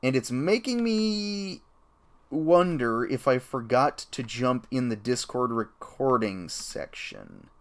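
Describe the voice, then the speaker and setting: Male streamer, casual rambling game commentary, lively up-and-down delivery, keyboard typing behind. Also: takes it slowly. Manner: rambling and chatty, with excited jumps in pitch.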